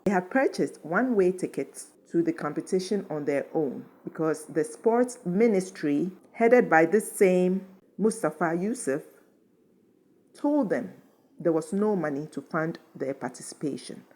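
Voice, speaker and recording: A woman's voice: fairly low pitch, lively intonation, unhurried, mellow. A woman hosting a commentary channel, speaking with indignant, emphatic passion. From Ghana. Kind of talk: impassioned commentary.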